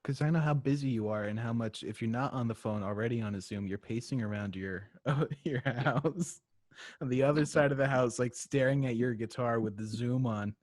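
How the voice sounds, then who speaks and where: A mid-pitched man co-hosting a casual podcast, teasing and quick to laugh. His voice sounds close and dry, with no room around it. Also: darkish tone, no room sound. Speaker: podcast co-host.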